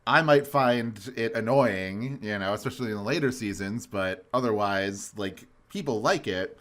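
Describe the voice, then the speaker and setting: A man's voice: fairly low pitch, moderate pace, fairly bright tone. A man co-hosting a podcast in loose, rambling casual chat and laughing often. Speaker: podcast co-host.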